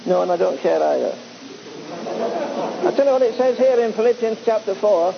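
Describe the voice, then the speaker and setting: High-voiced man preaching a sermon. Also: animated, moderate pace, creaky, long pauses. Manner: conversational, exhorting and teasing the congregation. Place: church before a live congregation. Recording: dull lo-fi recording with faint hiss.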